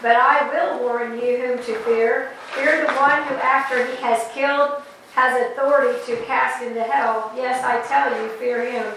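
Woman, class member reading scripture aloud, bright tense tone, heavy room echo. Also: sits high, steady tone, normal speed, far from the mic. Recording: very echoey room, faint background hum.

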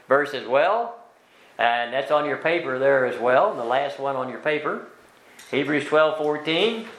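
Bible class teacher in an echoey room. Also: male voice, fairly high pitch, a bit bright. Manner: explains word by word, asks rhetorical questions. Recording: roomy room echo.

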